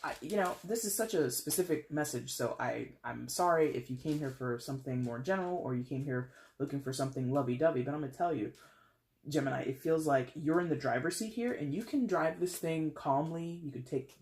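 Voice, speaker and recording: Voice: mid-range voice, a little fast, gravelly, darkish tone. A tarot reader giving a casual solo reading to camera, blunt and sassy, swearing freely and chatty, with laughs and restarts. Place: alone in a room at home. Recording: echoey room.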